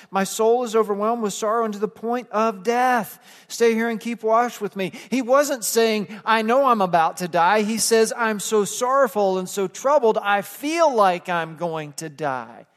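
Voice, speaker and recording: A man's voice: sits high, a bit bright, in a large hall. A man preaching a sermon as pastor, earnest, with casual acted-out asides. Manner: earnest preaching, acts out plain-spoken asides.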